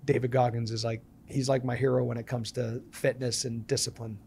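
A man's voice: medium pitch, brisk, gravelly, a little hiss or hum. A man in his thirties, a podcast guest, telling stories and acting out the dialogue in them. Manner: animated storyteller acting out quoted dialogue. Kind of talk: storytelling interview.

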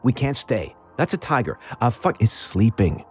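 A frightened, blunt young girl who scolds and swears, her voice pitched well up above the man reading her and swinging widely. She sounds tense and fretful throughout. Soft music sits underneath the storybook reading. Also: very animated, normal speed, close to an everyday voice. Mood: anxious.

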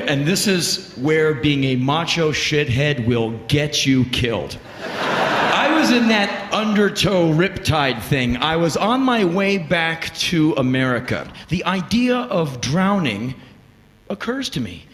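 A middle-aged man telling a story on a live stage, animated and profane, breaking into shouts. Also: fairly high pitch, slow pace. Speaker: spoken-word comedian. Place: stage in a large venue. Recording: echoey hall with faint room noise.

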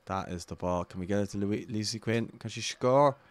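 A man's voice: fairly low pitch, fairly even intonation, fast talker, darkish tone, dry recording. An Irish man commentating his own football video game match live, anxiously urging his players on.

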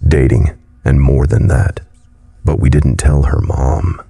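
A man voicing a nervous, frightened young man in a horror story, with a gravelly, husky voice. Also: very deep voice, flat delivery, slow pace, mellow, exaggerated voice.

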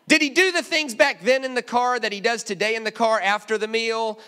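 A man preaching a sermon in a church, telling humorous stories and dropping suddenly to hushed asides. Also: extremely high pitch, steady tone, brisk, few pauses, clean tone. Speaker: guest preacher. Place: church auditorium.

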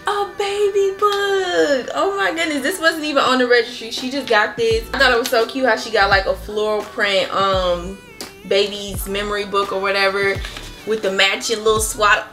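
A young woman gushing excitedly as she opens baby shower gifts in a casual vlog. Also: mid-range voice, fairly quick, faint music behind. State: pregnant. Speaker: family vlogger opening baby shower gifts.

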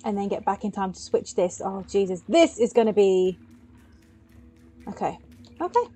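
A woman giving gaming commentary, excitably urging her character on and yelping at scares. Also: medium pitch, normal speed, long pauses. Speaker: let's play gamer.

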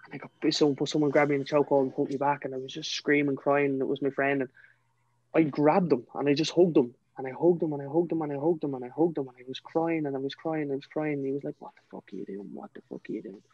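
An earnest young man with a Dublin Irish accent, recounting his own story as a podcast guest. His voice stays fairly level in pitch as he speaks with feeling, leaning on "you know" between thoughts. The sound is dry and a little dull and lo-fi. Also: flat delivery, quick pace, darkish tone, no room sound. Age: young adult. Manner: earnest, emotional, fills talk with "you know". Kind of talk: personal storytelling.

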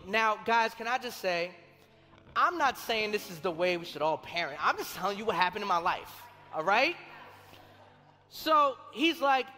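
Animated pastor. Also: male voice, high voice, normal speed. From Colombia. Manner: animated, conversational, acts out quoted voices. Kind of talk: sermon with personal storytelling. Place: large church hall. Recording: long reverb of a church hall, faint music.

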